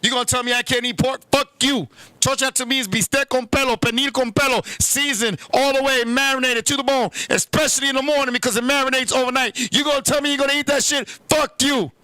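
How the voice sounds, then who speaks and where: A man hosting a comedy show, ranting loudly and brashly, swearing freely and sometimes breaking into chants. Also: extremely high pitch, steady tone, fast, smooth, no echo. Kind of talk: comic rant.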